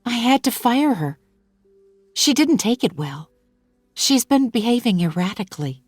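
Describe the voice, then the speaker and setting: A woman's voice: a little high, big pitch swings, a little slow, no room sound, voice pushed up. A woman voicing an anxious young mother who talks in a fretful, plaintive way. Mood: worried.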